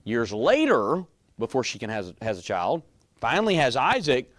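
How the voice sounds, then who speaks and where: A man's voice: medium pitch, wildly swooping pitch, normal speed, a bit bright, no room sound. A man teaching a Bible class in a conversational way, often quizzing his students.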